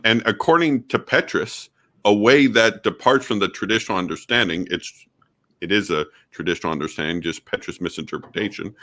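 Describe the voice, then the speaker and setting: A man's voice: on the low side, fairly quick, bright, forceful tone. A male guest in a casual apologetics discussion, talking loosely with fillers and mocking paraphrases.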